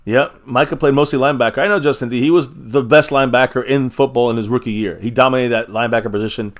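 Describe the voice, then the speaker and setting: A man's voice: medium pitch, fast talker. Chatty man hosting a fan live stream. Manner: chatty, reads viewer comments aloud, energetic. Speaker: fan livestream host. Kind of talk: casual live-stream commentary.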